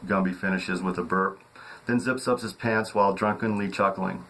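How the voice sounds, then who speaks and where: A man reading his own novel aloud in a steady narrating voice, with occasional slips and restarts. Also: sits low, normal speed, rough recording. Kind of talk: audiobook narration.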